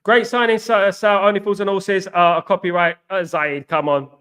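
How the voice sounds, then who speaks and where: A man's voice: high voice, steady tone, moderate pace, fairly bright tone, smooth. A man hosting a casual live stream, reading out viewer comments and answering them in a jokey, rambling way, leaning on the same catchphrases again and again. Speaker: host.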